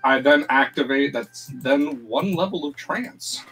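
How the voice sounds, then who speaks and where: Player, man, mid-pitched, hesitant casual talk, faint music behind. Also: unhurried, fairly bright tone, breathy edge, rough recording. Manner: hesitant, lots of ums. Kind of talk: casual tabletop play.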